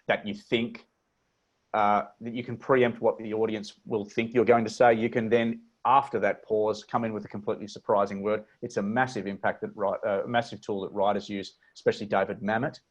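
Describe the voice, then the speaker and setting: A man with an Australian accent coaching a webinar on speech over a video call, talking in a measured, deliberate way and demonstrating inflections. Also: lowish voice, steady tone, lo-fi sound. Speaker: presentation coach. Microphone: computer mic on a video call.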